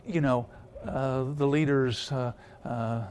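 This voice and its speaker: A man's voice: mid-range voice, fairly even intonation, takes it slowly, darkish tone, a little hiss or hum. A man preaching a storytelling sermon, rambling with many filler sounds and restarts.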